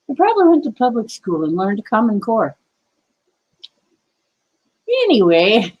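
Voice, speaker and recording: A woman's voice: lowish voice, low-quality recording. A woman hosting a casual livestream, rambling and answering viewers' chat comments with conspiratorial asides. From United States. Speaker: livestream host.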